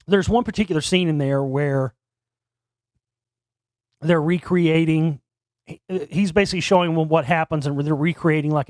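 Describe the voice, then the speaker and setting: A man hosts his own talk show from a home setup and speaks straight into a desk microphone. His voice sits a bit high. He rambles casually, doubling back and repeating words as he goes, and the sound is dry with no room echo. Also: a little mellow. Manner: rambling, frequent restarts and stammered repeats. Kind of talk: casual solo commentary. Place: home studio near Dallas.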